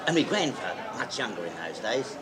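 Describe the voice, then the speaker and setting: An Australian actor playing a man who tells a joke with lively storytelling in a 1970s film drama. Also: mid-range voice, brisk, natural voice. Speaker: joke teller. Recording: echoey room with crowd in an old film. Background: crowd chatter.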